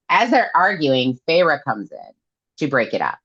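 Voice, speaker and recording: A woman's voice: sits low, a little slow, breathy edge. A woman, recapping a novel in a casual podcast chat and acting out the characters' lines with animation. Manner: animated storyteller acting out quotes. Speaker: podcast co-host. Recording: dull lo-fi sound.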